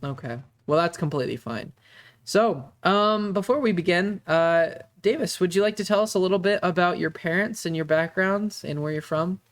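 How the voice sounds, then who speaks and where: A man running a tabletop game stream as game master, narrating with many halting fillers. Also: sits high.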